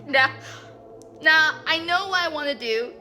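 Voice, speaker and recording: A woman hosting a casual comic recap, talking in a chatty, animated way with many fillers. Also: on the high side, normal speed.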